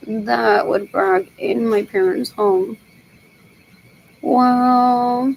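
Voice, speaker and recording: Gravelly woman muttering a slow monologue. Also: mid-range voice, steady tone, a little mellow, slight background noise, poor audio. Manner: repetitive, muttering to herself. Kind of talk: rambling solo monologue.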